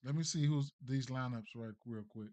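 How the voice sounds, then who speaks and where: A man's voice: mid-range voice, moderate pace, warm tone. A man streaming sports betting picks, thinking aloud in a casual, mumbling way with many fillers and restarts. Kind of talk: casual live-stream commentary.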